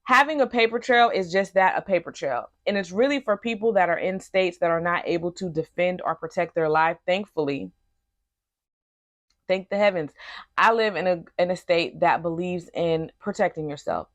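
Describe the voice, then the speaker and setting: A woman's voice: fairly low pitch, moderate pace, no room sound, highs cut off. A young woman telling a personal story in a storytime vlog, earnest and emphatic. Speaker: vlogger.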